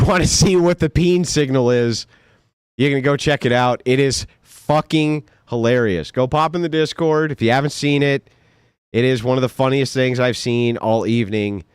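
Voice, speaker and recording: A man's voice: mid-range voice, clear, resonant tone, no echo, studio quality. A young man hosting a livestream, casually reacting to a clip, laughing a lot and swearing. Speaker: livestream host.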